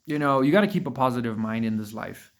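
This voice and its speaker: A man's voice: medium pitch, expressive, fast. A man talking casually to camera in a motivational monologue, blunt and profane, repeating words for emphasis and calling the listener bro and dude. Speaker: vlogger.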